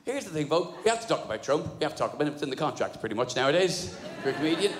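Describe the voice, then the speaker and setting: A middle-aged man performing a fast, animated stand-up comedy routine, slipping into put-on voices. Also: a little high, background noise. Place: large venue with audience. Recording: echoey hall with audience ambience.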